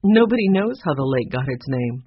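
Casting: narrator playing a gentle, wistful old lady, lively voice, muffled storybook audio. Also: medium pitch, normal speed, slightly rough. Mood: kindly. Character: older woman, kindly, wistful homeowner.

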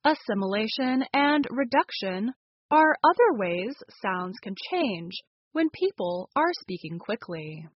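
A woman's voice: a little high, no echo, dull audio. An American woman hosting a language lesson, reading a scripted explanation and carefully modelling pronunciation examples. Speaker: English teacher and show host. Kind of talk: scripted slow teaching narration.

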